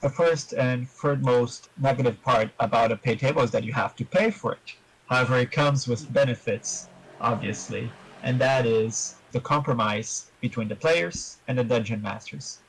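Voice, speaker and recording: A man with a slightly husky, breathy voice talks through his tabletop campaign in a measured, explanatory way. He sits at a middle pitch and lays out advice for other players step by step. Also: poor audio. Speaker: interview guest, tabletop player. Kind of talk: interview answers.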